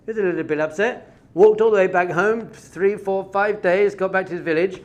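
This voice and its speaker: A man teaching a Torah class as a rabbi, animated and conversational, full of rhetorical questions. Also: sits high, a little fast.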